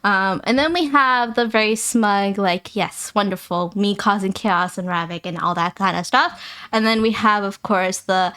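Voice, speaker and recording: Bright, chatty woman streamer. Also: mid-range voice, steady tone, clean tone. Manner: rapid-fire, rambling, playful and teasing. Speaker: livestream host. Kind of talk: casual livestream chat with viewers.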